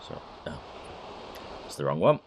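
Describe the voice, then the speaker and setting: A man's voice: extremely low pitch, sing-song, moderate pace, creaky, background noise. A man casually commenting on a retro adventure game, wry and self-mocking. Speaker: let's-play host.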